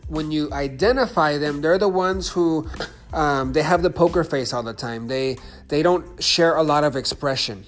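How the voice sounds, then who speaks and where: A man's voice: fairly high pitch, fairly bright tone. A man teaching a lesson on persuasion and sales. He talks in a loose, repetitive way and keeps checking in with "okay?" and "right?". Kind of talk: instructional talk.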